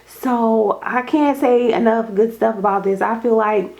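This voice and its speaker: A young adult woman chatting casually in an unboxing vlog at home, gushing and excitable, calling her viewers y'all. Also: a little high, measured pace, gravelly, lo-fi sound. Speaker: home decor vlogger. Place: home dining room.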